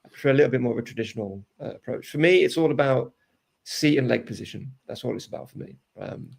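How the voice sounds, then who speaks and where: Mid-range, fast, and slightly rough with vocal fry, this man leads a live day-trading session. He explains chart analysis one step at a time and keeps checking in with "right?"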